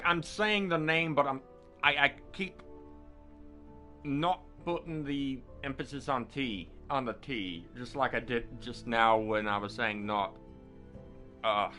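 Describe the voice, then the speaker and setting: A man's voice: medium pitch, slow pace, pauses often, pushed and bright, soft background music. A man giving casual gameplay commentary, chatting to his viewers and muttering at the game. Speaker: gamer streamer.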